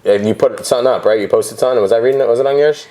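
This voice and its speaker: A man's voice: mid-range voice, racing, warm tone. A man hosting a podcast, chatting casually and telling a story in a rambling way with frequent restarts. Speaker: podcast host, gym owner.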